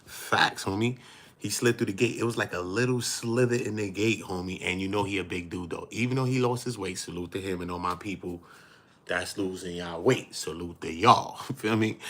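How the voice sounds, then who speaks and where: Deep-voiced new dude, slangy and joking, commentary riff. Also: male voice, fairly bright tone. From New York. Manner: playful, slangy, breaks into laughter and acted asides. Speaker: commentary host. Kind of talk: animated street-slang commentary.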